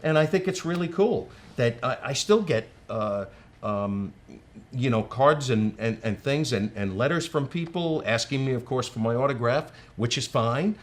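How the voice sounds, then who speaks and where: A man's voice: medium pitch, lively intonation, moderate pace. A man speaking appreciatively in an interview about fan letters and compliments. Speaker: actor. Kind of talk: interview talk.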